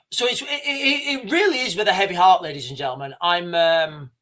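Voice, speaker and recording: A man streams live and comments with raw passion. His voice sits high for a man. He stumbles, restarts and swears bluntly as he talks. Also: sharp tone. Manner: impassioned, halting, with restarts and swearing. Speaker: livestream host.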